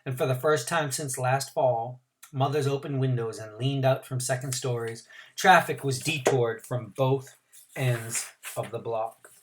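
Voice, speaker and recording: A man's voice: medium pitch, measured pace. A man teacher reading a novel aloud to his class, adding asides and explanations for his students.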